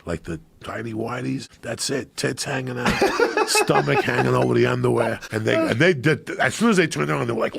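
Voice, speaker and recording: Gravelly, rowdy storyteller. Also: male voice, medium pitch, huge pitch swings, brisk. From New Jersey. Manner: loud, profane, laughs through his stories. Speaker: podcast guest. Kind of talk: storytelling on a podcast.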